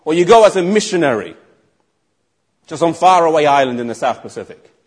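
Animated preacher, husky voice. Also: male voice, fairly high pitch, brisk. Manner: emphatic, asks the congregation rhetorical questions. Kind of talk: sermon.

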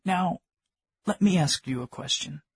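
A man's voice: fairly high pitch, unhurried, slightly rough, dry recording. A middle-aged man preaching a sermon, earnestly asking his congregation questions and calling them friends. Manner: addresses listeners as friends.

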